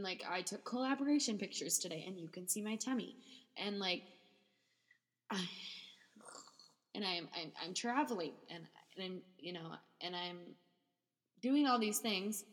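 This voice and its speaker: A woman's voice: medium pitch, unhurried, pauses often, long reverb tail. A young woman hosting a candid solo podcast from a basement office, emotional and rambling, close to tears, with many restarts and fillers. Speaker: podcast host.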